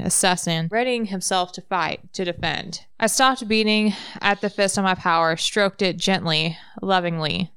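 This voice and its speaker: Woman reading a novel aloud, low smooth voice, dry close sound. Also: dry recording. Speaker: reader.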